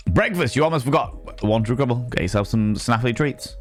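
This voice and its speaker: A man's voice: mid-range voice, lively intonation, fairly quick, faint music behind. A man chatting casually with his viewers on a live stream, greeting them by name and rambling playfully between topics.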